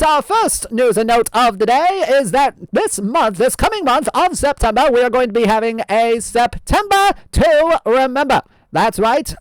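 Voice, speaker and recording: A man's voice: extremely high pitch, dry recording, exaggerated voice. A man doing a hammy old-timey radio announcer. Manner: theatrical, drawn-out, laughs at himself. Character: 1920s radio host, hammy and folksy. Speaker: host.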